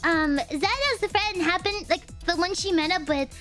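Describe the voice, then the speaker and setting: A woman's voice: very high voice, moderate pace, a bit bright, soft background music. A young adult woman from the United States, streaming and telling rambling stories in casual chat, laughing often. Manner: giggly, rambling storytelling with frequent laughs. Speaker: VTuber streamer.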